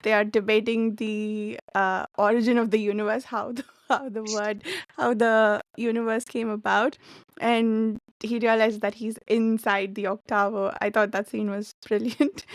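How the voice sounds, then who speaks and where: A woman's voice: medium pitch, level tone, unhurried, no echo, clean studio sound. A woman hosting a casual book discussion, laughing often as she talks. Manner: giggly, laughs often while talking. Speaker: book club host.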